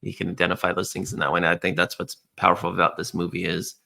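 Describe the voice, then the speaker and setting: A man co-hosting a podcast, talking in a relaxed, rambling way as he thinks aloud. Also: low-pitched, fast talker, gravelly. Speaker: podcast co-host. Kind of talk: casual chat.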